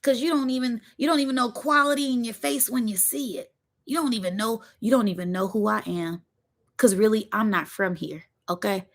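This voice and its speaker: A woman delivers a spiritual pep talk in a fairly high voice. She preaches with emphasis, stacks repeated phrases and slips into slang. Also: fairly quick. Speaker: spiritual channel host. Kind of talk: motivational spiritual monologue.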